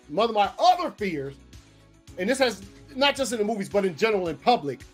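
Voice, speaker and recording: A man telling a story casually, animated and profane, acting out what people said. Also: high voice. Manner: animated, profane, acts out quotes. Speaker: podcast host.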